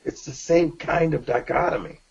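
A man's voice: on the high side, moderate pace, darkish tone, lo-fi sound. A man co-hosting a faith-based talk show, speaking in an earnest, preaching way. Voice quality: raspy. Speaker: co-host.

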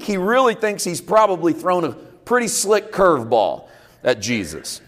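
A man's voice: high voice, very animated, a little slow, fairly bright tone. A male pastor teaching a conversational sermon, explaining scripture in a folksy way with casual sports idioms. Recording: long reverb in a large hall.

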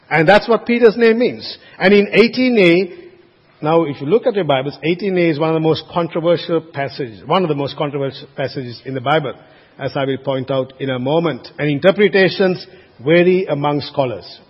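A man's voice: on the high side, normal speed, slightly rough. A man preaching a sermon as pastor, earnest and emphatic, with frequent restarts and casual asides to the congregation. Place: church sanctuary. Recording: dull lo-fi sound with long church reverb.

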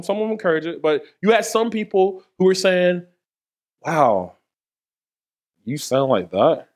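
A man preaching a sermon in a conversational way, with playful asides to the congregation. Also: on the high side. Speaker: pastor.

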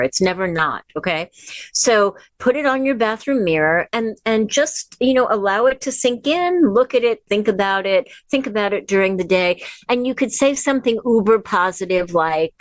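A woman hosting a casual instructional livestream from home, chatty and encouraging, slowing down when she guides imagery. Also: mid-range voice, lively intonation, no room sound. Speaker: wellness host. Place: at home with her dog. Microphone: device camera.

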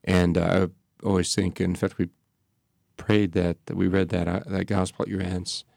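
A man speaking as a priest, reflecting on prayer in slow, measured phrases with pauses. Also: deep voice, little pitch movement, vocal fry, a little mellow, no echo, clean studio sound. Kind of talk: reflective spiritual talk.

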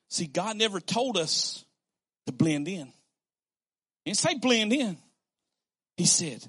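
A man preaching a sermon in a conversational, animated way, repeating phrases and acting out quoted conversations. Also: sits high, measured pace, long pauses, husky. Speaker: pastor.

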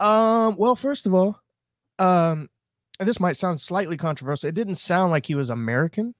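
A man's voice: sits high, expressive, normal speed, dry recording, clean studio sound. A man on a panel giving his opinion in casual chat, hesitant with many ums. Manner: hesitant, lots of ums and uhs.

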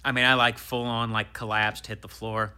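Bright-voiced man telling a story. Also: medium pitch, moderate pace, smooth. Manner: animated, swearing, acts out quotes. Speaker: comedian guest. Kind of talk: casual storytelling chat.

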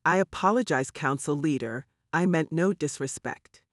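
A woman's voice: low voice, moderate pace, dry recording. Man reading scheming gossip woman, ranting, insistent, dry close sound. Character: furious scheming older village gossip woman.

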